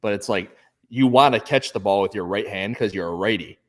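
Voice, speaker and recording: A man's voice: lowish voice, fairly quick. A man in his thirties co-hosting a podcast in casual chat, joking and laughing often. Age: 30s.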